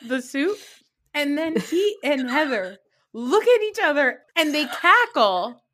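A woman co-hosting a podcast, chatting casually and recapping reality TV in a gossipy, animated way, laughing often. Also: sits high, slow pace. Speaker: podcast co-host.

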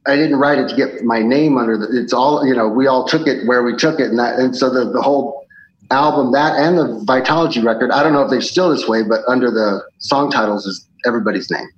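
A man speaking as a musician guest in a casual interview, telling stories in a relaxed way with many fillers and restarts. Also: medium pitch, brisk. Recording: slightly dull, faint background noise.

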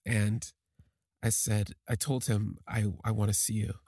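A man with a lowish, slightly husky voice recounts a personal story. He speaks haltingly and with emotion, often restarting his sentences. The sound is close and dry, with no room around it. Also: level tone, a little mellow, no echo. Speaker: podcast storyteller.

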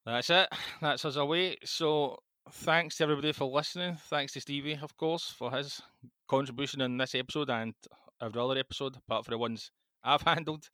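Dry-witted Scottish podcast co-host. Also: male voice, medium pitch, a little fast, pushed and bright, no room sound. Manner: dry, wry, understated. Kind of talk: casual podcast chat.

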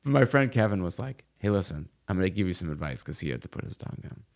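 A man's voice: sits low, sing-song, fast, creaky. A middle-aged man chatting casually as a podcast guest, telling a long story with many fillers and restarts. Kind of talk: casual chat.

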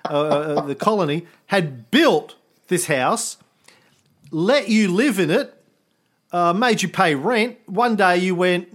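A man's voice: high voice, slow pace, a bit bright. Joking, profane podcast host, a man. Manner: irreverent, profane, joking storytelling with homespun analogies. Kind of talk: casual history podcast chat.

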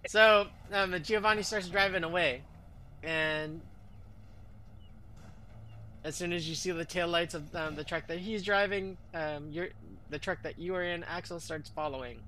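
Bright-voiced male game master narrating. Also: a little high, a little slow, slight background noise. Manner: rambling, full of fillers and restarts.

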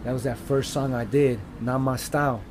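A man's voice: medium pitch, steady tone, moderate pace, noisy background. A man, a rapper, telling a personal story in a loose, rambling, casual way with lots of fillers and swearing.

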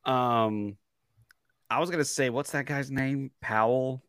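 A man co-hosting a casual fan podcast, talking excitedly, stumbling over repeated words and laughing often. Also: medium pitch, slow pace, clean tone, no echo, clean studio sound. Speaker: podcast co-host.

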